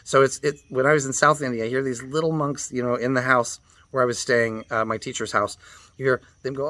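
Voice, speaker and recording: A man teaching mantra practice, patiently explaining and spelling out pronunciations, chanting the syllables slowly, with loose fillers and restarts. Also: mid-range voice, fairly even intonation, sharp tone, dry recording. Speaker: meditation teacher.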